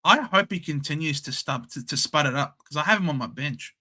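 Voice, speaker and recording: A man's voice: fairly high pitch, lively intonation, brisk, sharp tone. A young Australian man hosting a casual live sports watchalong, bantering cheekily with chat and reading out scores. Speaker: livestream host.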